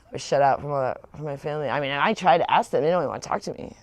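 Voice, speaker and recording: A woman's voice: deep voice, very fast, dry recording. A woman host telling rambling personal stories in casual chat, laughing often. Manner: rambling storytelling with frequent laughs. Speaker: channel host.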